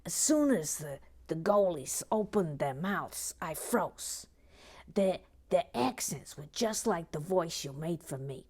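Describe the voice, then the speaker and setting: A woman's voice: lowish voice, lively intonation, takes it slowly, a little mellow, exaggerated voice. A woman putting on a Brooklyn accent to play a chatty woman from Brooklyn telling stories, reading a viewer's comment aloud. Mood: gossipy.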